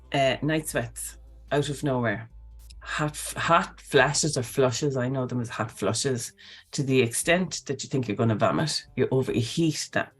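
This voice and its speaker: A woman, hosting a casual live talk in an animated, chatty way, often tagging on okay and right. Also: extremely low pitch, slightly rough. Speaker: host.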